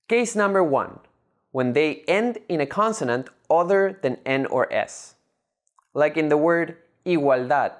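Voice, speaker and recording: A language teacher giving a scripted lesson narration, measured and methodical, breaking words into syllables. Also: mid-range voice.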